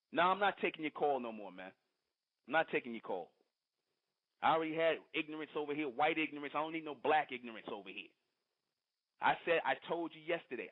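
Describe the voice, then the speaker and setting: Scolding radio host on a tinny line. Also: male voice, mid-range voice. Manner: combative, scolding, repetitive lecturing. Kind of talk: heated call-in radio rant. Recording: tinny phone-line broadcast audio.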